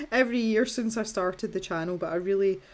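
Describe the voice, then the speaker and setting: With a mid-range voice that swings widely in pitch, this Scottish woman in her thirties walks through a colouring tutorial at a moderate pace. She's chatty and self-deprecating, full of filler words and restarts, and a little hiss or hum sits under the audio.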